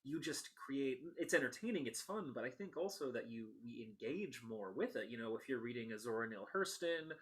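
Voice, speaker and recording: A man's voice: medium pitch, animated, fairly quick, few pauses, a bit bright, breathy edge. A man hosting a casual interview podcast, talking enthusiastically and laughing often. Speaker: podcast host.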